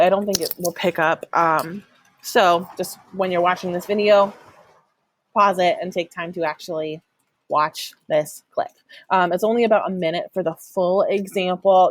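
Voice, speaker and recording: A woman's voice: on the low side, no echo. A woman teacher giving a recorded online lesson, explaining patiently with many "um" fillers and sounding out stress patterns. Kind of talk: recorded online class lecture.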